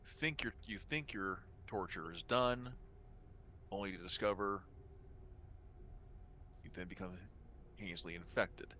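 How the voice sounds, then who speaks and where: A man's voice: deep voice, measured pace, long pauses, sharp tone, slight background noise. A man playing a tabletop game, thinking aloud as he reasons through a puzzle. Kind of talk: casual game table talk.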